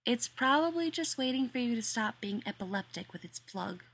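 A laid-back man with a dry, teasing wit, as a woman reader gives him voice. He speaks in a wry, unhurried way in this storybook reading. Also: fairly high pitch, lively intonation, a bit bright, slightly rough, voice pushed up, heavily acted. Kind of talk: audiobook reading.

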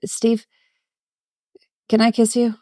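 A woman's voice: fairly high pitch, monotone, takes it slowly, mellow, no echo, studio quality. A woman reading as a shy, hesitant young man. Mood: tentative.

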